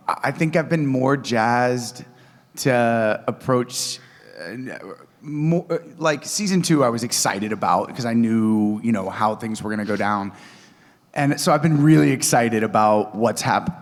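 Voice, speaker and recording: A man's voice: mid-range voice, expressive, unhurried, long reverb tail. A man, a voice actor, rambling enthusiastically with many restarts while answering panel questions.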